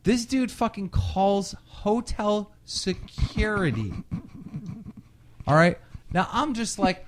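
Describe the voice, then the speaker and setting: Animated young man telling a story. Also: high-pitched, slow pace. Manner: animated, profane, acts out quotes. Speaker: podcast host. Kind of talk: casual storytelling chat.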